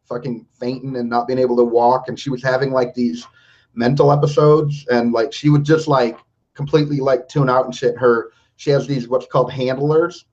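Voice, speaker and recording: A man hosts a casual podcast chat, speaking bluntly and swearing nonstop. His mid-range voice is steady and a little mellow, at a normal speed. The recording is dull and lo-fi.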